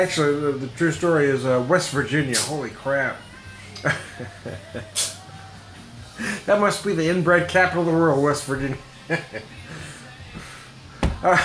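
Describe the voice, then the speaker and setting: A man's voice: mid-range voice, a bit bright. A middle-aged man rambling through a casual monologue, laughing often and swearing freely. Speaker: podcast host. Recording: echoey room with faint music.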